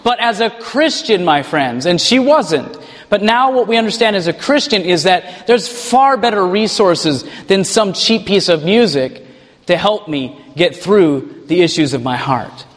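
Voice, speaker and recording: Male preacher, high voice, animated sermon delivery, reverberant hall. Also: measured pace. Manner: animated, mocking put-on voices for examples.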